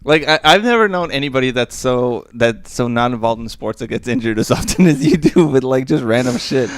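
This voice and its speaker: A man's voice: mid-range voice, expressive, fairly quick, clear, resonant tone. A young man co-hosting a podcast, teasing his friend in casual chat, giggly and swearing. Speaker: podcast co-host.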